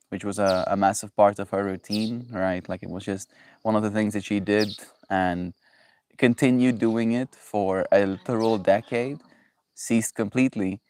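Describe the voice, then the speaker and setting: A man hosting a daily livestream, chatting loosely with viewers and calling them bro. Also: fairly low pitch. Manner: rambling, loose, talks to chat, says bro. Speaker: livestream host. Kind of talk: casual livestream chat.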